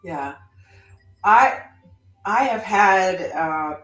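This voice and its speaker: A woman guest author telling a story in casual chat, animated and given to sudden loud bursts. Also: medium pitch, very slow, reverberant, low-quality recording.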